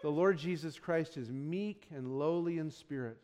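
A man in his thirties preaching a sermon to his congregation, moving between soft, pleading passages and loud exclamations, and acting out quotes with put-on voices. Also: a little high, moderate pace, long reverb tail. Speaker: pastor.

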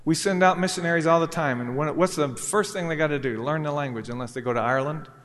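A man's voice: a little high, quick pace, a bit bright. Preacher man in a reverberant hall. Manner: storytelling preacher, voices characters in a parable. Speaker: pastor. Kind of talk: sermon. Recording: long reverb of a church hall.

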